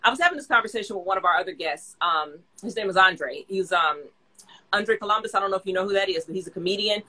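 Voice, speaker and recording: Female podcast host, rapid and bright, animated storyteller. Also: mid-range voice, poor audio. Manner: animated, laughing, quick storyteller. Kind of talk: casual podcast chat.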